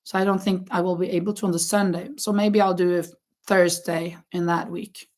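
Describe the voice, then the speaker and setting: A woman's voice: on the low side, flat delivery, fairly quick, a little mellow. A woman hosting a crochet livestream, chatting casually with viewers, with many fillers and restarts and frequent laughs. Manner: laughs often.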